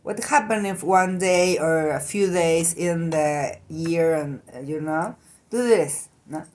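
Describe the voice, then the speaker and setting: Slow, halting woman. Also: sits low, darkish tone. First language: Spanish. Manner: halting, searching for English words. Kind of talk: casual monologue.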